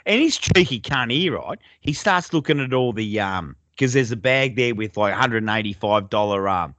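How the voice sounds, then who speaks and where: A man's voice: mid-range voice, expressive, moderate pace, a bit bright, no room sound. A young adult man with an Australian accent, telling stories in a laid-back, sweary way as a podcast co-host. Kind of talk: casual chat.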